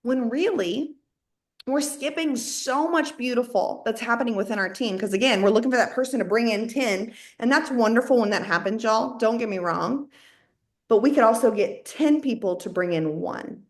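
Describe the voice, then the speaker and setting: A high-pitched woman with a drawl, coaching her sales team with folksy, high-energy talk. She slips into other voices to act out what people say. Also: expressive, moderate pace. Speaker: network marketing team leader.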